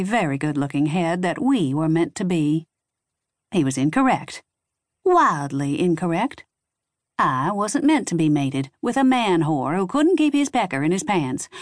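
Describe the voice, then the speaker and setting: A woman's voice: lowish voice, dry recording. A woman narrating a paranormal romance audiobook in the first person, with a wry, sardonic delivery on a close studio mic.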